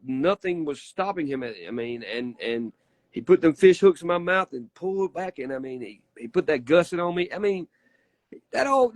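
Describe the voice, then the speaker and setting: A man's voice: fairly high pitch, no echo. A man, a wrestler telling stories in a casual interview, folksy, emphatic and profane. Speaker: wrestler guest.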